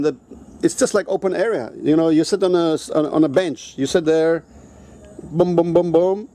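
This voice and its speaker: A man with a fairly high voice tells a personal story as a casual vlog rant. He is blunt and heated, swearing constantly. His delivery is loose and conversational, full of restarts. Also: darkish tone. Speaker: vlogger.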